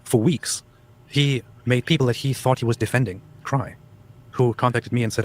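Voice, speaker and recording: A man's voice: medium pitch, fairly even intonation, moderate pace. A man giving casual commentary in a scornful, indignant way.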